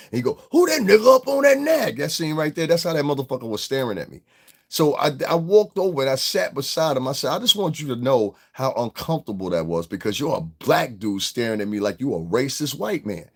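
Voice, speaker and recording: A man hosting a livestream, ranting bluntly and profanely straight at his chat and slipping into mocking voices of others. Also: mid-range voice. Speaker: online show host. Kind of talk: casual livestream rant.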